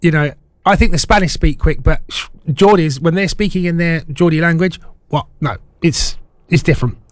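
A man hosting a local radio show, chatty and quick to laugh. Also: a little high, dry recording, studio quality. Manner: chatty, laughs often, excitable. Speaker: radio host. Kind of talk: casual local radio chat. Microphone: studio microphone.

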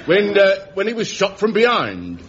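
A man's voice: high voice, huge pitch swings, moderate pace, a bit bright, full character voice. A bouncy, matter-of-fact voice as an earnest police sergeant in a vintage radio comedy. He reports in a plodding, dutiful way. The sound is dull, with light hiss. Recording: dull old radio recording.

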